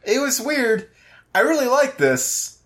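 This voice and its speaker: A man's voice: extremely high pitch, big pitch swings, slow, fairly bright tone. A young man co-hosting a podcast, rambling and wry in casual chat. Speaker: podcast co-host.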